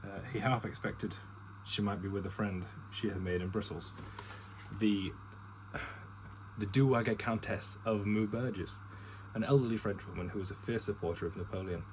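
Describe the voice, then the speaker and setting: Deep-voiced man reading a novel aloud. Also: background noise. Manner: stumbles, restarts and swears at misreadings. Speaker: reader reading a novel aloud to his partner. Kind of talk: casual read-aloud with asides.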